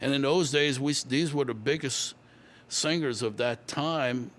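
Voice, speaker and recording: An older man from Louisiana, in his sixties, settles into a long story as a guest on an interview show. His talk meanders at an easy pace, full of fillers and small restarts, in a voice of average pitch for a man. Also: a bit bright, a little hiss or hum. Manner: rambling, unhurried, many fillers. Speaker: guest musician.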